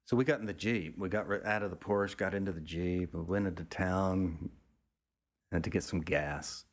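A man, a photographer, telling a casual, rambling story with frequent restarts and the odd swear word. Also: moderate pace. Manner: acts out other people's lines in a raised pitch.

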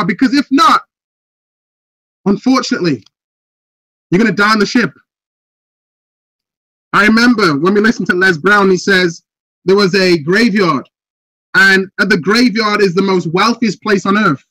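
High-pitched man preaching with rising energy. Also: moderate pace, long pauses, no room sound, low-quality recording. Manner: preachy, fires rhetorical questions, builds to shouts. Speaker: motivational speaker. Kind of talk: motivational speech on a group video call. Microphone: video call.

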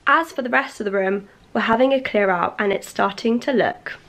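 A woman's voice: mid-range voice, moderate pace, a bit bright. A young woman in her twenties, chatting casually and playfully to the camera at home. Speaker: vlogger. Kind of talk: casual chat.

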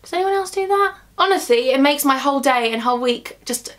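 A woman's voice: high voice, animated, brisk, fairly bright tone. A young woman chatting to camera as a beauty vlogger, gushing and affectionate as she talks through her makeup. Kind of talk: casual makeup chat to camera.

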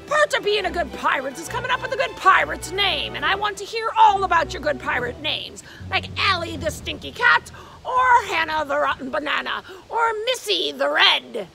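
Playful, high-voiced woman art teacher. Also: very animated, moderate pace, creaky, distant mic, music in the background, low-quality recording. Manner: playful and theatrical, talking to children. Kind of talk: children's video lesson.

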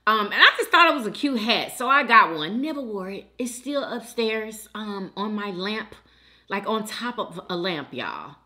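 Give me a woman with a lively, swooping voice, chatting casually with her viewers. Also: medium pitch, normal speed. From Houston, Texas. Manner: chatty and emotional, calls viewers girl and sis. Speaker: mukbang host reading live chat. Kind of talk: casual chat.

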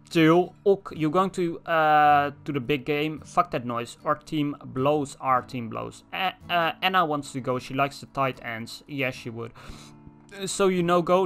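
Young male gamer, reads chat messages aloud with profane asides; voice a touch high. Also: a bit bright. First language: Dutch. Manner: reads in-game text messages aloud, cursing, switching to Dutch asides. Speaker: let's player. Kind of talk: casual gameplay commentary.

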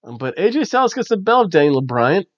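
A man hosting a casual wrestling review, chatty and animated with lots of fillers. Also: high voice, quick pace, no room sound. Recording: dull, dry lo-fi recording.

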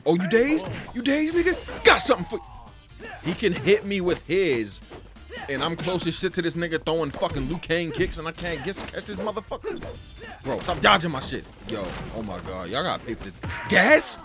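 A man's voice: on the high side, big pitch swings, moderate pace. A man giving casual, profane gameplay commentary and trash-talking the game's fighters as he plays. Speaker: gaming channel host. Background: game music.

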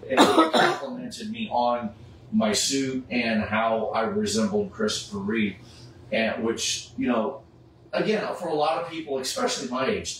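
A middle-aged man chatting casually, telling a story and acting out the people he quotes. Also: mid-range voice. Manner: animated, acts out the people he quotes. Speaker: charity Superman cosplayer. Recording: echoey room, far from the mic, faint background noise.

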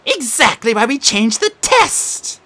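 A prim, snappish sphinx monster barking out quiz questions in a high, drawn-out voice, as a woman reads her. The pitch leaps wildly from line to line. It is a storybook audiobook voice. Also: sing-song, pushed and bright, full character voice. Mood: snippy. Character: fussy female sphinx monster quizmaster.

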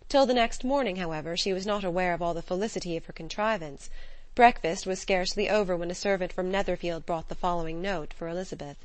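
A woman narrating a classic novel in an even, measured reading voice. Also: lowish voice, dry recording. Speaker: audiobook narrator. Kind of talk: scripted narration.

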